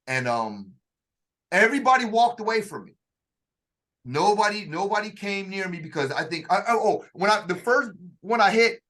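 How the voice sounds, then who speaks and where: Animated man telling a story, bright voice. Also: high-pitched. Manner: animated, vocal sound effects, acts out quotes; uses slang and restarts. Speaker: storyteller in a two-man dialogue. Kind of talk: casual conversational storytelling.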